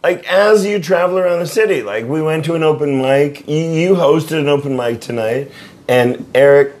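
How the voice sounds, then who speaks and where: A man's voice: fairly high pitch, moderate pace, a little mellow. A man hosting a casual late-night chat with a musician guest. He jokes, laughs and rambles. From visitor often based in Seattle. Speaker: podcast host interviewing a musician.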